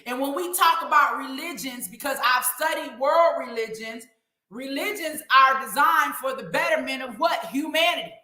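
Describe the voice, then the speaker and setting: A woman's voice: sits high, moderate pace, pushed and bright. A woman hosting a live online show, speaking in an emphatic, preachy way and calling out to her viewers. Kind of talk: impassioned livestream commentary. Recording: echoey room.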